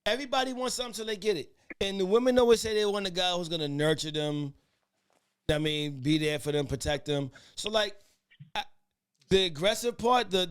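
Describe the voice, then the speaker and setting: A man's voice: sits high, clear, resonant tone. A man hosting a casual podcast debate, who keeps calling for order and talks in rambling restarts. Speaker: podcast host.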